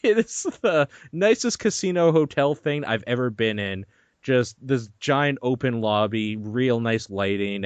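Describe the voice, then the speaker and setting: A young man hosting a podcast, telling a story in an animated, swearing, laughing way. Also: fairly low pitch, no room sound. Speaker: podcast host. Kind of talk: casual chat.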